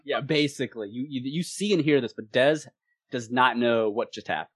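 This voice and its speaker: Brief: man, game master for a tabletop game, lively narration, stumbles and repeats, dry voice-chat sound. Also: medium pitch, moderate pace, no room sound. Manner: animated, repeats words, laughs easily.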